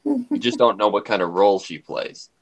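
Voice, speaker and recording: A man talking casually on a livestream, rambling and animated, often repeating himself. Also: on the low side, moderate pace. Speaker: livestream co-host.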